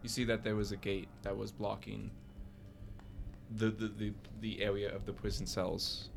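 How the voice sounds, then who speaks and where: A man's voice: on the low side, little pitch movement, moderate pace, vocal fry, music in the background. A man narrating as game master in a casual, stumbling way. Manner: casual, stumbling over restarts.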